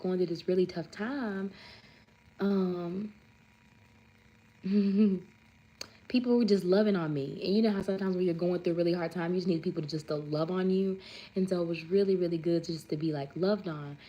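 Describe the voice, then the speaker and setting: A woman's voice: lowish voice, mellow, muffled recording. A woman, hosting a casual livestream chat, rambling and saying "like" often. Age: 30s. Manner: chatty, rambling, says "like" often; reads viewer comments aloud. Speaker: livestream host.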